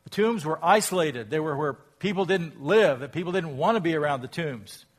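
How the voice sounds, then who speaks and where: A pastor preaching a sermon, reading scripture aloud and asking reflective, rhetorical questions. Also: male voice, a little high, animated, moderate pace. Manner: reflective, asks rhetorical questions, rises in volume when quoting scripture.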